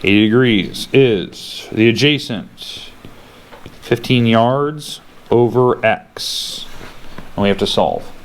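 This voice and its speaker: A man's voice: mid-range voice, takes it slowly. A young male teacher giving a casual math lesson in a classroom, thinking aloud as he works through problems.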